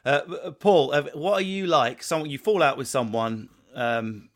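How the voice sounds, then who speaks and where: A man hosting a casual chat, playful and teasing, with quick jokes. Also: medium pitch, expressive, fairly bright tone. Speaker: host.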